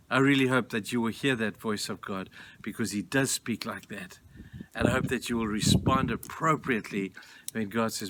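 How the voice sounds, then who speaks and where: Earnest man giving a gentle devotional. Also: on the low side, normal speed, slight background noise. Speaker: pastor. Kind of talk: short daily devotional talk.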